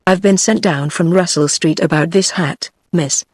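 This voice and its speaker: A woman's voice: fairly low pitch, normal speed, husky, no echo, clean studio sound. A text-to-speech woman's voice with a British English accent, reading the lines of a big police constable who speaks in a stiff, official way.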